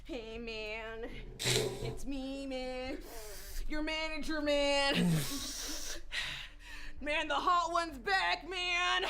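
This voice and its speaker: A woman's voice: high-pitched, very slow, long pauses, noisy background, voice pushed down. A woman voicing a pushy, desperate male talent manager who ends every phrase with "man".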